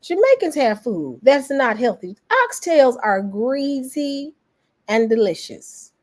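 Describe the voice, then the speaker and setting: A woman's voice: high-pitched, sing-song, takes it slowly, a little mellow. An American woman giving an earnest opinion monologue, repeating her points for emphasis in casual, folksy slang. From United States. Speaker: vlogger.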